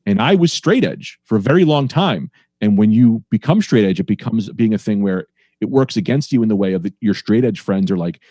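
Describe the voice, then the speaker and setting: A man's voice: lowish voice, animated, brisk, mellow, no room sound, studio quality. A man, a stand-up comedian, talking casually on a podcast and playing with sing-song inflections.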